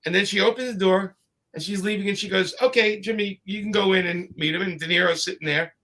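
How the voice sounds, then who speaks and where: A man tells his stories in a loose, meandering way, stopping and restarting with plenty of fillers. His voice sits a bit high and comes across bright and forceful. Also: fairly even intonation, quick pace. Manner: rambling anecdotes with many fillers and restarts. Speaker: comics creator telling stories. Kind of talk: casual storytelling chat.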